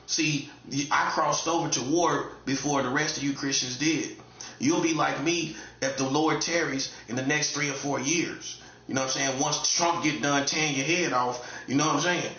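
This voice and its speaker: A man speaking as a self-styled prophet in a casual, streetwise monologue. He is blunt and emphatic, repeats his phrases and swings between loud high bursts and low mutters. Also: fairly even intonation, normal speed. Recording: echoey room, dull lo-fi sound.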